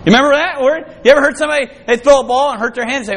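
A man preaching a sermon, often rising in pitch and loudness and acting out the voices he quotes. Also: very fast, creaky, slight background noise.

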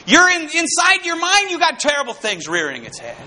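Fervent male preacher with a very high, piercing voice; calls out to the congregation. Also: wildly swooping pitch, a little fast, sharp tone, a little hiss or hum. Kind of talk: sermon.

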